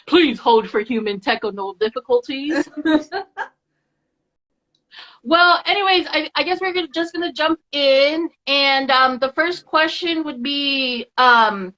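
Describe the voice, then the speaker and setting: A woman's voice: sits high, sharp tone, highs cut off. A woman hosting a live podcast, talking in an upbeat, chatty way and often repeating herself. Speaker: podcast host. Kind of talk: casual live-stream chat.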